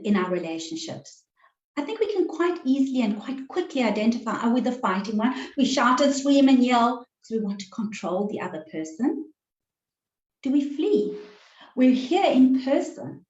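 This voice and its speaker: A woman relationships coach giving an online workshop presentation in a measured, deliberate way over a video call. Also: on the high side, a little mellow. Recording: roomy, slightly dull sound.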